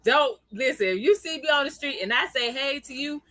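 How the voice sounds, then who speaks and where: A woman's voice: sits high, expressive, brisk, sharp tone, no echo. A woman hosting a casual livestream, chatting with viewers, greeting them by name and laughing often. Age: adult, parent of a young child. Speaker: livestream host.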